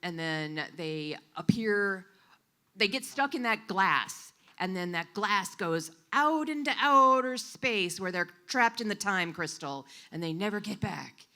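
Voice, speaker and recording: A woman interpreting for a storyteller, voicing a live story at a coffee shop event in an animated, expressive way. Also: medium pitch, unhurried.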